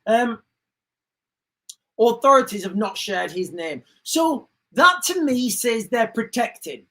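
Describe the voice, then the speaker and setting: A woman's voice: on the high side, big pitch swings, takes it slowly, a bit bright, low-quality recording. A woman hosting a livestream, talking in an indignant, rambling way and often repeating herself. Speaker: livestream host. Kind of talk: casual livestream commentary.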